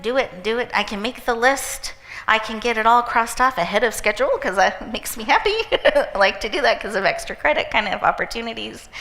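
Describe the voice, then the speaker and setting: A woman hosting an event, giving an inspirational talk with a gentle, encouraging guided visualization. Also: mid-range voice. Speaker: event host and speaker. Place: event hall with live audience. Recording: echoey hall reverb.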